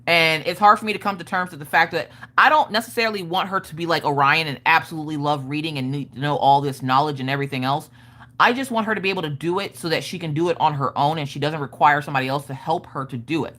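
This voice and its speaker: Frank, lowish-voiced mom chatting on a stream. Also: female voice, quick pace. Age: adult parent of school-age children. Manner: frank, profane, animated storytelling. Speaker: live-stream host. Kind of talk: casual live-stream chat.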